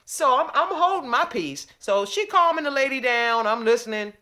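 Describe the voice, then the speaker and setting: Sassy storytelling woman, very lively pitch. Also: moderate pace. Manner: animated, sassy, acts out both sides of a phone call. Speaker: vlogger. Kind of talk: storytelling rant to camera.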